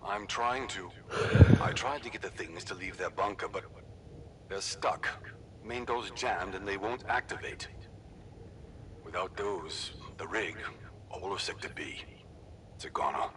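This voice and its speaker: A man voicing a gruff, protective older rig veteran with a South African accent, briefing urgently over the radio in a game. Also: low-pitched, unhurried, long pauses, poor audio. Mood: exasperated. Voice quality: gruff, swears under stress. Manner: urgent radio briefing, then soothing and stubborn. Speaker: radio contact at headquarters. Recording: game audio with steady background noise.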